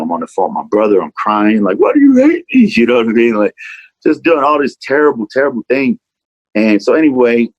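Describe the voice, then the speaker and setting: A man's voice: deep voice, dry recording, rough recording. A man from Atlanta, a rapper speaking as an interview guest in a rambling, profane way, full of "man" and "you know.". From Atlanta, USA. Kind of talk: candid interview talk.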